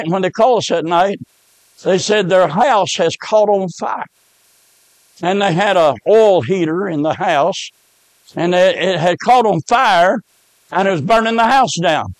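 A man preaching a fiery revival sermon, emphatic and rising to shouts on key words. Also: high-pitched, dry recording.

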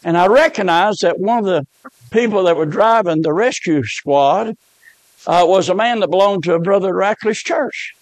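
Fervent old preacher, high voice. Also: male voice, normal speed, dry recording, rough recording. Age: 70s. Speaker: revival preacher. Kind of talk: sermon.

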